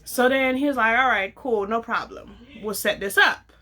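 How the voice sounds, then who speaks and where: A young adult woman casually telling a personal story, acting out the dialogue with lively slang. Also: fairly high pitch, moderate pace. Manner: animated, acts out quoted dialogue, casual slang.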